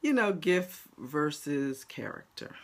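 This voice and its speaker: A woman's voice: low-pitched, takes it slowly. A woman from New Jersey with a New Jersey accent, a life coach chatting casually and bluntly to her viewers. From New Jersey, USA. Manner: blunt, animated, talks straight to viewers with frequent laughs. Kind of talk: casual livestream chat to viewers.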